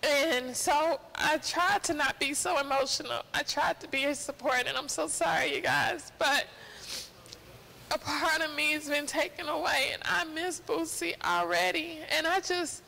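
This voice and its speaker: A young woman speaks at a funeral, her voice high and bright with a gravelly edge of fry. She halts often and fills the gaps as she fights back tears. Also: fairly even intonation, low-quality recording. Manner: tearful, halting, many fillers. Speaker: mourner giving a eulogy. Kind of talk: emotional tribute at a funeral.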